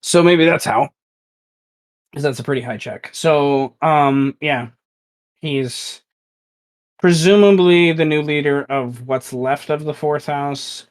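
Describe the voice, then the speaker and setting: A man narrating as game master of a tabletop game, loose and halting with many fillers. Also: mid-range voice, rough recording.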